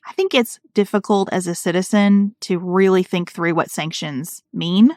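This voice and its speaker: A woman's voice: fairly low pitch, moderate pace, a little mellow, dry recording, clean studio sound. A woman co-hosting a political podcast, talking earnestly and reading quotes aloud with emphasis. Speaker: podcast co-host.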